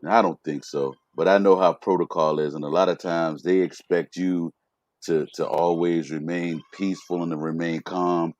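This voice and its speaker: A man's voice: sits low, steady tone, moderate pace, a little mellow, dry recording, highs cut off. A man co-hosting a podcast, giving blunt, emphatic opinions in casual chat. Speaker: podcast co-host.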